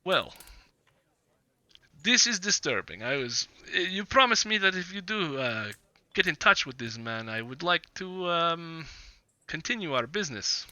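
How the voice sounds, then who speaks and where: A man's voice: on the high side, sing-song, a little slow, pushed and bright, no echo, muffled recording, pitched above the performer's own voice, full character voice. A man doing a smug, condescending merchant. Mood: scheming. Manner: hesitant, filler-heavy, patronizing. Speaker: game master.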